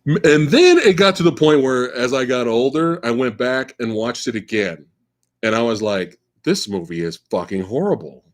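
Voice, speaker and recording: A man's voice: mid-range voice, moderate pace. A man in his forties hosting a live Q&A stream, talking in a rambling, profane way and repeating words as he restarts his sentences. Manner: animated, profane, stammering restarts. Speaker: livestream host. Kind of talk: live Q&A chat.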